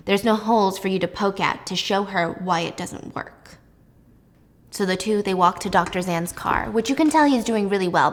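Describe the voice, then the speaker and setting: A young woman hosting a casual video, telling a story in a chatty, animated way while baking. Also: mid-range voice. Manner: chatty, animated, laughs often. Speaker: host.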